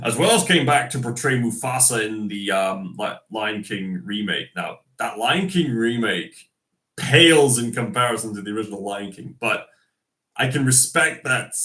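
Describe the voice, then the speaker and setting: A Scottish video host with a lowish, fairly bright voice is recovering from a cold and coughs as he speaks. He's giving a casual tribute, hesitant and full of fillers and restarts.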